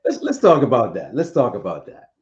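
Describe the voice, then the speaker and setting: A man in casual relationship talk, playful and lively, often repeating words as he gets going. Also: medium pitch, fairly quick, muffled recording. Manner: animated, playful, repeats words when excited.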